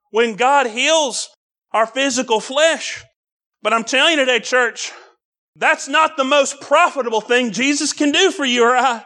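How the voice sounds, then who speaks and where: A male preacher delivering a fiery revival sermon, rising to shouts and calling out to the congregation. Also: very high-pitched. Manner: builds to shouted excitement, calls out to the congregation.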